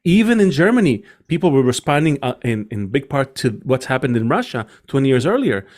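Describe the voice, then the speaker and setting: A man's voice: medium pitch, big pitch swings, brisk, a little mellow. Man hosting a podcast, thinking aloud. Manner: discursive, reasoning aloud. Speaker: podcast host. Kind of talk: casual podcast chat.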